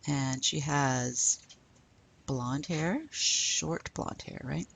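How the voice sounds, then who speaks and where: A woman's voice: sits low, a little slow, vocal fry, breathy edge, no room sound. A woman teaching a French lesson, patiently asking questions and then modeling the answers. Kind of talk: recorded classroom lesson.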